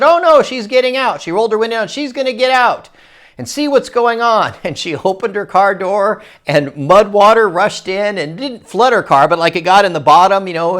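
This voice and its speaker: A man telling a personal story in a casual, rambling monologue, often breaking off and restarting his sentences and growing animated at the exciting parts. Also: high-pitched. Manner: rambling, self-interrupting, animated when excited.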